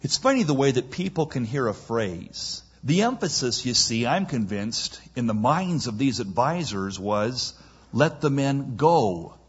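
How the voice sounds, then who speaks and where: A man preaching in a slow, measured way, with a husky, breathy edge to his voice. He reads scripture and then retells it in plain, casual words, throwing himself into the lines he quotes. The recording sounds dull and lo-fi. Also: mid-range voice, very animated. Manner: dramatic, acts out quoted lines. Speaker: pastor. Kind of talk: expository sermon.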